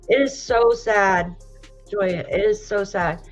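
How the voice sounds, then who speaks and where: Slow-talking emotional woman host. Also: lowish voice, fairly even intonation, soft background music, rough recording. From United States. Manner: emotional, sympathetic, softly exclaiming. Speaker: true crime show host. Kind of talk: casual live-stream commentary, reading viewer comments.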